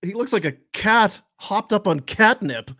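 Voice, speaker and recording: A man's voice: high voice, expressive, moderate pace, bright, forceful tone. A man co-hosting a casual sports podcast, wisecracking and mock-exasperated. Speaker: podcast co-host.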